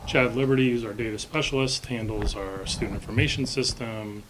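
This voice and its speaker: A man's voice: mid-range voice, steady tone, a little fast. A man presenting as a school technology director at a committee meeting, businesslike and polite, with frequent fillers. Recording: very noisy meeting recording.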